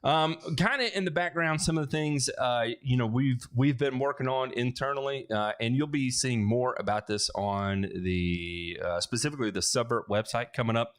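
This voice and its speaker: A man's voice: mid-range voice, normal speed, hardly any pauses. A man hosting a casual livestream on a headset mic, answering viewer questions in a rambling way with lots of restarts, fillers and joking asides.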